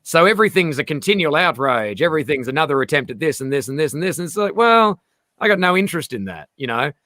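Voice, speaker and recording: Australian man, host, slightly high voice, lively, swears a lot, dry sound. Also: fast talker, no echo. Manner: animated, swearing, jumps into quoted voices. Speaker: comedian host. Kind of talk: casual comedic chat.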